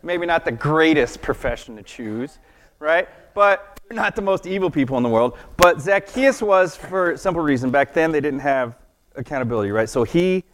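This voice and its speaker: Here an adult children's church teacher, whose voice sits on the high side and sounds somewhat bright, talks at normal speed with plenty of animation. His children's sermon uses an object lesson and stays casual and chatty, full of questions for the kids and chuckles at his own humor.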